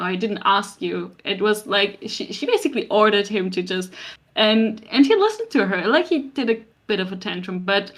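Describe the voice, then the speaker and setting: A woman's voice: medium pitch, a bit bright. A woman co-hosting a fan podcast in casual chat, thoughtful and a little hesitant. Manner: thoughtful, hesitant, with frequent restarts. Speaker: podcast co-host.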